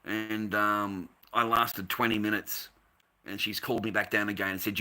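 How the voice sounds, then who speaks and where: In a lowish voice with a flat delivery and moderate pace, an Australian man sounds pushed and bright as he rants to camera. He's a volunteer describing a dispute at work, profanely complaining about his mistreatment and repeating himself.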